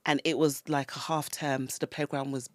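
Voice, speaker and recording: A woman, a podcast guest telling a personal story in a casual, animated way. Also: low voice, brisk, no room sound. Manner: animated storyteller acting out quoted lines. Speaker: guest, toy brand founder.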